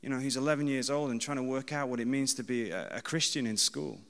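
Bright-voiced male preacher in a reverberant hall. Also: mid-range voice, fast talker, gravelly. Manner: conversational, self-deprecating, emphatic repetition. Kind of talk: sermon.

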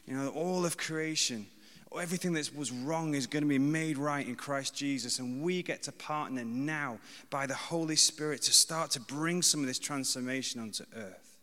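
A man in his thirties delivers a sermon in a bright, forceful voice. He talks conversationally, pokes fun at himself and repeats short lines for emphasis, while his words ring out with a long reverb in a church hall. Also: medium pitch, normal speed. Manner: conversational, self-deprecating, emphatic repetition. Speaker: preacher.

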